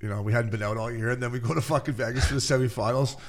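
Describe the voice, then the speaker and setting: A man co-hosting a sports podcast, telling stories quickly and swearing often in casual banter. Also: medium pitch, fairly even intonation. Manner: rapid, profane, storytelling. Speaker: podcast co-host.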